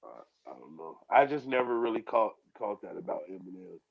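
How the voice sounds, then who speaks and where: A man's voice: low-pitched, sing-song, fairly quick, creaky, dry recording, muffled recording. A man co-hosting a podcast, arguing about rap lyrics in an emphatic, profane way and counting syllables aloud. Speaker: podcast co-host.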